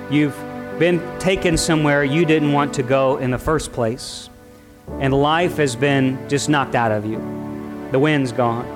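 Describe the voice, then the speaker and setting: A man preaching a sermon at a church service, passionate and full of rhetorical questions. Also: mid-range voice. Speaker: pastor.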